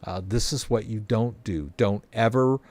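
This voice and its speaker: In a dry recording, a man with a fairly low, slightly mellow voice speaks a little slowly. He's hosting a relaxed screen-share walkthrough, explaining things chattily and frequently using tag questions to check in with whoever's listening.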